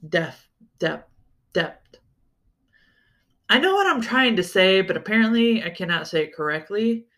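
A podcast host chats alone about a book series in a casual solo review, enthusiastic and swearing freely while often stumbling and restarting sentences. The voice is medium-pitched, expressive, and fairly bright, at a normal speed.

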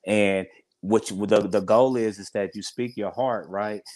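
A man in his forties speaks in a low voice, heartfelt and a little rambling as he restarts his thoughts. The sound is dry and close, with no room around it. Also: fairly even intonation, unhurried, darkish tone, no room sound. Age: 40s. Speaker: podcast guest. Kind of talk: casual interview chat.

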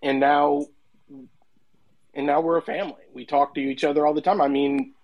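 An earnest man rambling at length in casual podcast chat. His voice sits a bit high, and he keeps going with warm sincerity. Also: level tone, normal speed, muffled recording. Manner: long-winded, earnest. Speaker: podcast regular.

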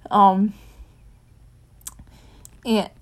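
A woman reads a fan fiction chapter aloud in a soft, unhurried voice. Afterwards she drops into a casual, rambling chat with her listeners, full of ums. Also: mid-range voice, little pitch movement. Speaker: fanfiction reader. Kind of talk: audiobook narration of fan fiction.

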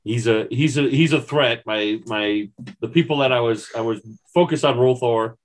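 A man playing at a tabletop game, talking in wry, halting bursts and chuckling. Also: mid-range voice. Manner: wry, stumbling restarts, chuckling. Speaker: player. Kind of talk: casual tabletop banter.

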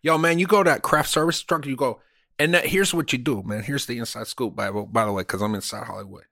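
A man's voice: mid-range voice, vocal fry, sharp tone, no room sound, clean studio sound. A man in his forties voicing a boastful Hollywood insider, with an exaggerated fake movie-gangster Cuban accent and swaggering brags. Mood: bragging. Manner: swaggering, bragging, drawn-out "man" tags.

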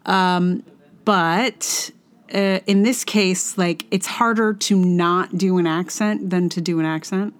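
A slow-talking woman podcast host, rambling and self-correcting. Her voice sits low for a woman, and she pauses between loose, halting phrases with fillers. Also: fairly even intonation. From Virginia. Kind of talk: casual chat.

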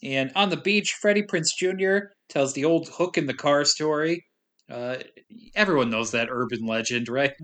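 A man recaps a movie in loose, casual chat, his voice a touch high and bright. He is sarcastic and dry, and he swears freely. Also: moderate pace.

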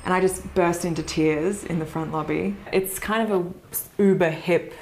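An actress, a woman, telling a story in casual conversation as a podcast guest, animated and laughing often mid-sentence. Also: fairly low pitch, moderate pace, a little hiss or hum.

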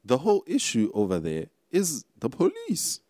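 A man's voice: fairly high pitch, wildly swooping pitch, normal speed, very noisy. A young South African man hosting a casual solo podcast, rambling and talking straight to his listeners. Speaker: podcast host.

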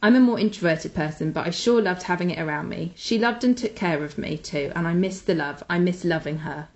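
A woman's voice: on the low side, fairly quick. A woman co-hosting a chatty podcast, talking with gushing enthusiasm about things she recommends. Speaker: podcast co-host. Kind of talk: casual chat with recommendations.

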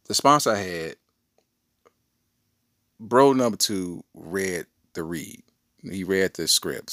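A man's voice: low voice, no room sound, clean studio sound. A middle-aged man hosting a podcast, telling a rambling story in a casual, slangy way. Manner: animated, rambling, with slangy asides. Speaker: podcast host.

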